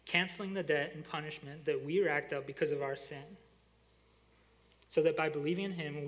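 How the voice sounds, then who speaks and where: A young adult man, a college pastor, preaching a sermon and telling a lively story that slows and softens on its key lines. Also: fairly high pitch.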